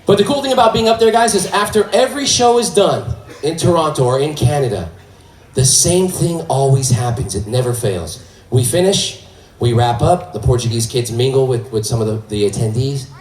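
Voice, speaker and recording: A man from California doing stand-up on a hall stage, loudly working the crowd and shouting punchlines. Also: medium pitch, lively intonation, normal speed. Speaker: stand-up comedian. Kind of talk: stand-up comedy. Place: stage in a hall, live audience. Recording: echoey hall, mic at distance, crowd noise.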